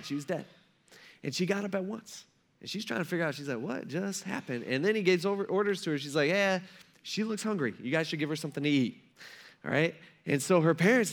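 Pastor guy with a high voice, chill slangy sermon in a church, acts out the story people like regular dudes. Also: a bit bright. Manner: slangy and informal, acts out the story characters in everyday speech. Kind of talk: casual conversational sermon.

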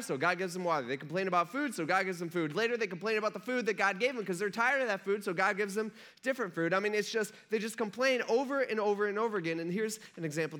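A man preaching a casual, conversational sermon, often asking his listeners questions. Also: high-pitched. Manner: conversational, animated, asks the crowd questions. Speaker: pastor.

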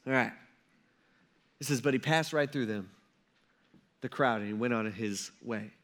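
A man's voice: medium pitch, unhurried, fairly bright tone. A young man preaching a sermon in a casual, joking way, acting out the people he talks about. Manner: casual, joking preacher who acts out quotes. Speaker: pastor.

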